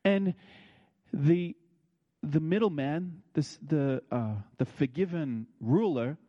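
A man preaching a sermon, telling stories and acting out what people said, with his voice leaping high when excited. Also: slow, dull audio. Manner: animated, leaps high when excited, acts out quotes. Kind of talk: sermon with storytelling.

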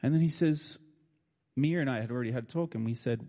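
A man's voice: mid-range voice, quick pace, warm tone. Older Australian man in a big hall. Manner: colloquial and heartfelt, with feeling in his voice. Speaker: speaker addressing an audience. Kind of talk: emotional personal storytelling. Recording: long reverb of a large hall.

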